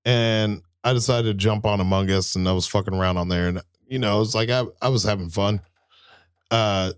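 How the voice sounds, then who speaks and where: A man's voice: fairly low pitch, fairly even intonation, a little fast, smooth. A man in his thirties co-hosting a casual talk show, ranting heatedly and swearing constantly. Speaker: podcast co-host. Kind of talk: casual profane rant.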